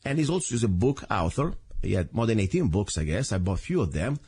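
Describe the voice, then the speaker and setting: A man's voice: on the low side, big pitch swings, fast talker, darkish tone, husky. A man from Italy with an Italian accent, hosting a talk radio show in an earnest, rambling way with frequent self-corrections. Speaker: radio host.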